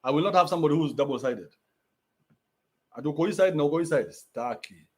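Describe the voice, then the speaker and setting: A man's voice: a little high, fast talker, a little mellow. A young adult man with a Kenyan accent, ranting bluntly in a profane, mocking livestream. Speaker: commentator. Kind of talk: livestream rant.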